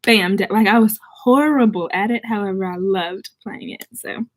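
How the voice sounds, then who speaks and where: A woman's voice: mid-range voice, moderate pace. A young woman from the southern United States without a Southern accent, chatting casually and bubbly on a livestream as she reads viewer comments. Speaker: vlogger.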